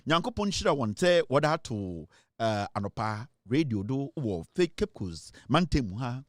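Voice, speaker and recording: A man with a Ghanaian accent hosting a comedy show, giving laughing, animated comic commentary and mixing English into his talk. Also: medium pitch, unhurried, dry recording, clean studio sound.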